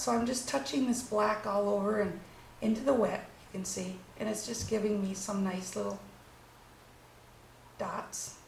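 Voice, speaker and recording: In an echoey room with a little background noise, a watercolor instructor demonstrates painting. Her voice is gravelly and mid-range, and she talks eagerly and chattily as she works.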